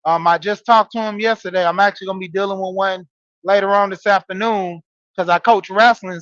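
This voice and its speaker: High-voiced man in his forties, chatty. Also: a bit bright, no echo, lo-fi sound. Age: 40s. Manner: storytelling, talking straight to listeners with frequent fillers. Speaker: podcast host and wrestling coach. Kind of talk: casual monologue, greeting live chat.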